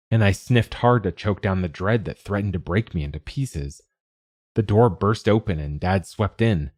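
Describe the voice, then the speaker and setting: Low, husky male audiobook narrator. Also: a little mellow, no echo, clean studio sound. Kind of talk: scripted first-person narration.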